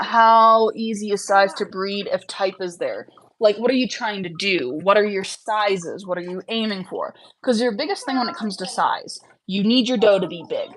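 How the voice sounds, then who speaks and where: A young woman with a medium-pitched, slightly bright voice hosts a casual livestream, where she breeds rabbits and chats frankly with viewers. She answers their questions with plenty of fillers, and the recording is rough.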